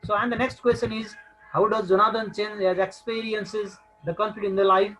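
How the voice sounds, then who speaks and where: A man's voice: high voice, flat delivery, moderate pace, sharp tone, soft background music, low-quality recording. A man with a Nepali accent teaching a recorded English lesson, hesitant and full of filler sounds.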